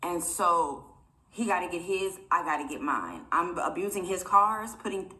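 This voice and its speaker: A young woman, a delivery driver, casually telling her own story to viewers, animated and quoting others as she goes. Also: lowish voice, normal speed, poor audio. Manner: animated, addresses viewers as y'all, quotes others. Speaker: food delivery driver and vlogger.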